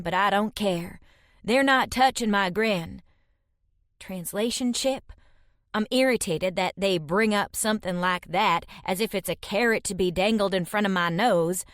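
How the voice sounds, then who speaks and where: A woman narrating a fantasy romance audiobook in first person, reading tensely and dramatically, voicing shouted dialogue. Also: mid-range voice, no room sound, clean studio sound.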